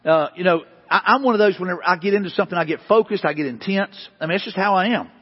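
A man's voice: high voice, very fast, slightly rough. Man preaching a sermon in a hall. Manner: earnest, emphatic preaching with repeated phrases. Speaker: pastor. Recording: dull sound with long hall reverb.

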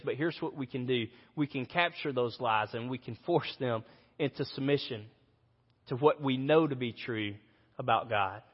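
A man in his thirties preaches a sermon in a church, earnest and conversational with a dry self-mocking streak. His voice carries the long echo of a large hall, and the recording sounds a little dull. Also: mid-range voice. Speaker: pastor. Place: church auditorium.

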